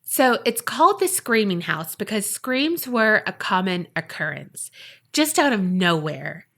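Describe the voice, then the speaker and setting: A woman's voice: medium pitch, big pitch swings, unhurried, sharp tone. A woman cohosting a podcast tells a paranormal story in a chatty, dramatic way, with lots of casual fillers. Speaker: podcast co-host.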